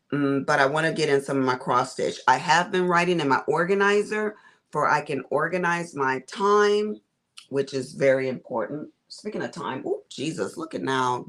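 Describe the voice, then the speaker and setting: A woman's voice: low-pitched, a bit bright. A middle-aged woman hosting a casual craft livestream, chatty and folksy, calling her viewers y'all and honey.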